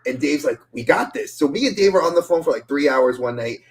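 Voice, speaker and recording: A man co-hosting a casual podcast chat, telling stories with jokes and quick repeated restarts. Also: fairly high pitch, lively intonation. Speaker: podcast co-host.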